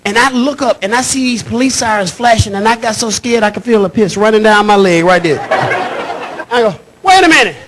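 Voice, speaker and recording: A male stand-up comedian who tells stories with animation and shouts his punchlines. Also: high voice, a little fast.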